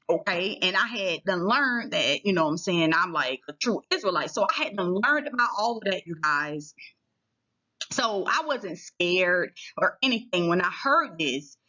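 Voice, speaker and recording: A woman's voice: medium pitch, very animated, normal speed, pushed and bright, dull audio. A woman telling a personal story to her viewers in a casual, chatty way, often checking in with them as she goes. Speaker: vlogger.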